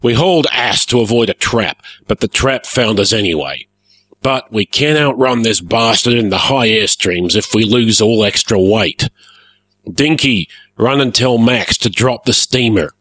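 A man voicing a gruff, blustering male airship pirate captain who barks his orders, in a storybook reading. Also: lowish voice, expressive, measured pace, fairly bright tone, no room sound, voice pushed up. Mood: commanding.

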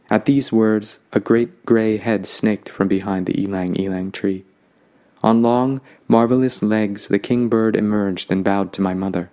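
A man narrating a fantasy story in a calm, lyrical way. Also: fairly low pitch, measured pace.

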